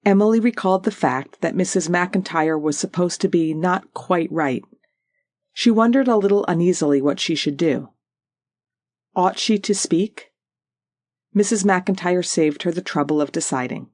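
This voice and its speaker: An audiobook narrator telling a novel in measured, unhurried scripted narration. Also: medium pitch, a little mellow, no room sound, clean studio sound.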